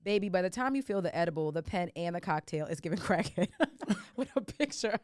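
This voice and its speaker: A woman co-hosting a podcast in casual chat, loud and animated, swearing freely. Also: on the low side, brisk, no echo, clean studio sound. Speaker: podcast co-host.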